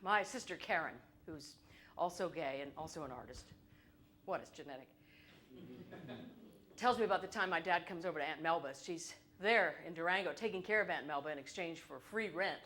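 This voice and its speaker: A woman performing a solo stage show, telling her family story in an animated, comic, wry way. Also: sits low, moderate pace, a little hiss or hum. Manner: animated, comic, shifts between wry and loud.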